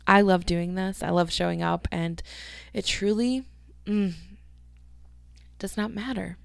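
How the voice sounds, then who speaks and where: Woman podcaster rambling on, cusses a lot, lots of vocal fry, dry close mic. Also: mid-range voice, fairly even intonation, a little slow, no room sound. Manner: rambling, chatty, swears freely. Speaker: podcast host. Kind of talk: casual solo podcast chat.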